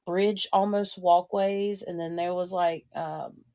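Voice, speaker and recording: Female podcast co-host with a gravelly texture, hesitant storyteller. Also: fairly low pitch, steady tone, slow pace, warm tone. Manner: hesitant, frequent ums. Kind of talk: casual storytelling.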